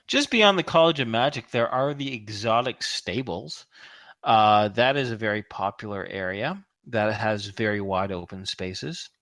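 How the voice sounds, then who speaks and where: A man narrates a tabletop game as game master in a bright, gravelly voice with a lively rise and fall. He is playful and teasing and laughs often, and the sound is close and dry. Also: lowish voice, a little slow, no room sound.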